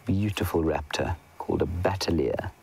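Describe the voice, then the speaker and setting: A man's voice: low-pitched, moderate pace, creaky, darkish tone, breathy edge, rough recording. A man working as a safari guide, giving chatty, enthusiastic live wildlife commentary outdoors and answering viewer questions. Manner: chatty, enthusiastic, drops to a whisper at times. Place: outdoors in the bush.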